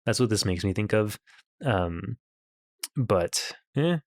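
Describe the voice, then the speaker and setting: A low-pitched man co-hosting a casual comedy podcast, laughing often as he reads comments and rambles through stories. The sound is dry and close, with no room around it. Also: lively intonation, slow, no room sound. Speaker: podcast co-host.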